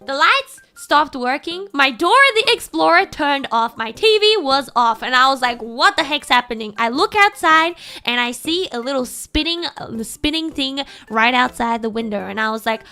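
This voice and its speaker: A woman streamer telling a childhood story in casual chat, animated and laughing often, with sudden shouted impressions. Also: high voice, normal speed, few pauses. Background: soft background music.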